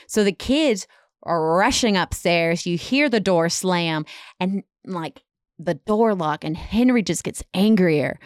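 A woman with a smooth, clear voice tells a dramatic story in a loose, chatty way, full of "like" and "kind of." The sound is dry and close, with no room around it. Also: lowish voice, lively intonation, takes it slowly, dry recording. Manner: dramatic retelling with many fillers. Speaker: podcast storyteller. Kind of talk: casual storytelling.

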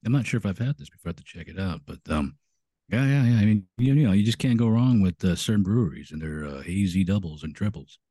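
A man's voice: deep voice, expressive, fast, dark tone, no echo, clean studio sound. A man co-hosting a casual beer podcast, rambling with many restarts. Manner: rambling, full of restarts and "you know". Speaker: podcast co-host. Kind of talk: casual chat.

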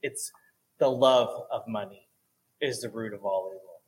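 A man's voice: on the low side, measured pace, poor audio. A male pastor speaking to his congregation during a service. His talk is casual and earnest, loose and chatty, and he keeps checking in with the room. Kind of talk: church offering talk. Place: church service.

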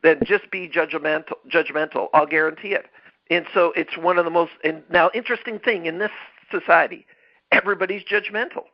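A man with a somewhat high voice hosts a podcast on leadership, talking emphatically and circling back over his phrases. The sound is a bit dull and lo-fi. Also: a little fast. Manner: emphatic, repeats phrases, restarts mid-word. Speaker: podcast host. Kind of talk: motivational leadership talk.

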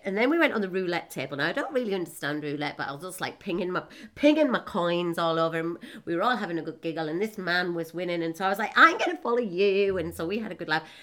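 A woman in her forties giving a chatty, self-mocking personal talk to her audience, laughing often and breaking into quick asides. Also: low voice. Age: 40s. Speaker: motivational speaker.

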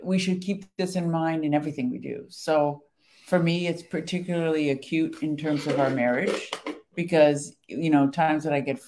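A woman's voice: low voice, steady tone, normal speed, background noise. A woman in casual conversation about faith and marriage, earnest and encouraging, thinking aloud as she goes.

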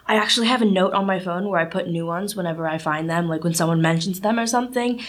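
A teenage girl hosts a student podcast, delivering a casual solo monologue that's chatty and animated, packed with "like" and "you know." Her voice is fairly low and her pace quick.

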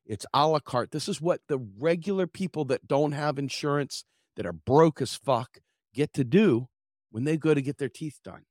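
A man's voice: a little high, normal speed, dry recording, clean studio sound. A middle-aged American man hosting a podcast, telling a story in a casual rant and acting out the quotes, swearing along the way. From United States. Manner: animated, acts out quotes with swearing. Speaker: podcast host.

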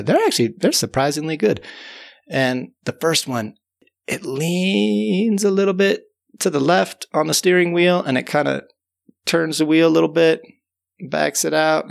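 A man with a gravelly, creaky edge to his voice tells a tall tale in an easy, conversational way. He wanders as he talks, repeats himself and restarts, and keeps dropping in "you know". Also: a little high, normal speed. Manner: rambling, repeats words and fills with "you know". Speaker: storyteller. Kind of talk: casual spoken tall tale.

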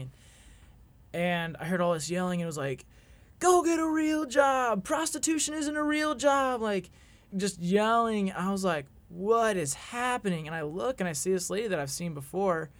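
A man in his twenties appears as a guest on a podcast and relates a personal story, sincere and reflective, with halting restarts. His voice is smooth and fairly high in pitch.

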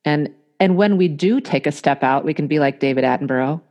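A woman with a low voice hosts a relaxed podcast chat. She asks measured, thoughtful questions and mentions her own clients. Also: dull audio. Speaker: podcast host. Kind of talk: casual podcast conversation.

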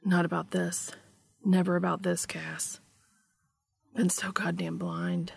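A woman reading a storybook part as an easygoing grown man who talks softly and coaxingly, sometimes whispering. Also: fairly low pitch, flat delivery, takes it slowly, gravelly, slightly rough, exaggerated voice. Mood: tender.

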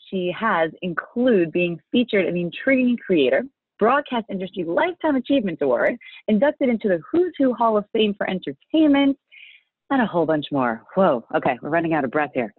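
A bubbly woman hosts a podcast interview with great enthusiasm. Her pitch jumps around a lot as she talks. The sound is dry and tinny, like it comes over a phone line. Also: husky, no room sound. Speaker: podcast host. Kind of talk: interview host chat.

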